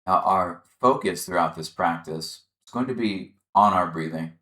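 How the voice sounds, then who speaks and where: A man leading a chair yoga class, calmly guiding the listener through breathing and gentle movement. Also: low voice, normal speed, reverberant. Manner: calm, encouraging, guiding the breath step by step. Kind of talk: guided exercise instruction.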